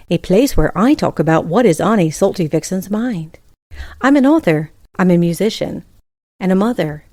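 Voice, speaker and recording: Brief: Michigan woman host in her 40s-50s, slightly low voice, blunt and profane, rambling solo commentary. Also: warm tone. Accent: Michigan, with a trace of Appalachian. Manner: blunt, swears casually, drifts off topic. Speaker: podcast host.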